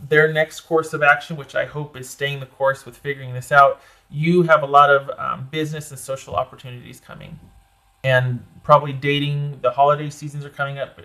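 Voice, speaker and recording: A man's voice: fairly high pitch, sharp tone. A man giving a casual tarot reading, rambling and chatty with lots of fillers, his voice getting a little crackly. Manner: chatty and rambling, with many "like" and "you know" fillers. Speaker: tarot reader.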